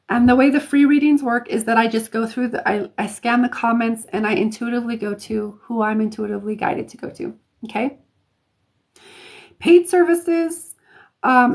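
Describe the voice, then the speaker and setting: Lady doing readings on a live stream, kinda high voice, chatty, lots of ums and restarts. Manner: chatty, warm to viewers, many fillers and restarts. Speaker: intuitive reader hosting a live stream. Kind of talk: casual live-stream chat.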